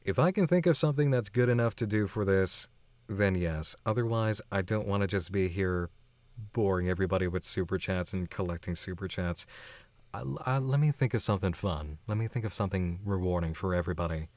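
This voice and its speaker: A man's voice: sits low, fairly quick, darkish tone, no room sound. A man hosting a live stream who reads viewer chats aloud and answers in a chatty, affectionate way, laughing often. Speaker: channel host.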